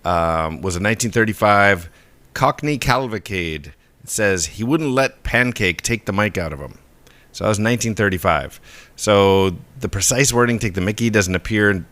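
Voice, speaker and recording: A deep-voiced man co-hosting a podcast, chatting casually about where a phrase comes from. He talks in a relaxed, explanatory way, stumbling and restarting his sentences as he goes. The sound is dry and close, with no room around it. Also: no room sound. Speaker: podcast co-host. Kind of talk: casual chat about word origins.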